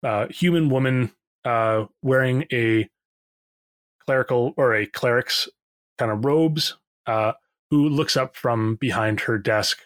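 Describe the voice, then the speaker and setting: A man narrating a tabletop game as game master, halting with many fillers. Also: mid-range voice, no echo, studio quality.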